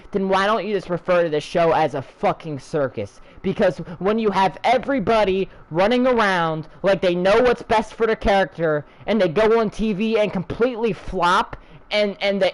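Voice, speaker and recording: High-voiced man ranting profanely. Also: low-quality recording. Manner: angry, profane, sarcastic, heated. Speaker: channel host ranting. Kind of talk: profane wrestling rant.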